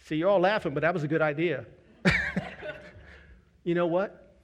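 A man's voice: a little high, normal speed, a little hiss or hum. A man preaching a sermon as the pastor of a church, telling a candid personal story with self-deprecating humor.

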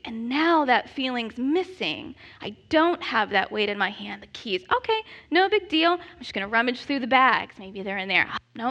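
A high, bright woman in her thirties spins a funny story about herself, animated and quick to laugh at her own expense. The recording is dull and lo-fi. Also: vocal fry. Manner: animated, self-deprecating, laughing often. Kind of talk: comedic personal storytelling.

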